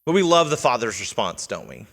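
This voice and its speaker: A man's voice: medium pitch, very animated, brisk, gravelly, fairly bright tone. A man preaching a sermon in a church, earnest and teaching in tone, asking the congregation questions. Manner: earnest, teaching, with quoted lines read in character. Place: church sanctuary. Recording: long reverb of a church hall.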